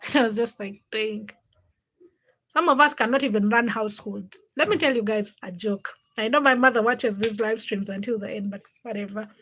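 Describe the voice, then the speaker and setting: A woman's voice: a little high, a little fast, hardly any pauses, a bit bright, slightly rough, rough recording. A young woman hosting a casual live stream, chatting and laughing as she greets viewers by name. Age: young adult. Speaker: livestream host.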